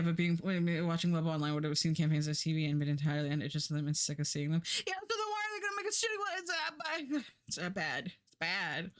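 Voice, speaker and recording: A woman's voice: fairly low pitch, clear, resonant tone. A young adult woman livestreaming, chatting casually in a rambling, sarcastic way with frequent laughter. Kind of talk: casual stream chat.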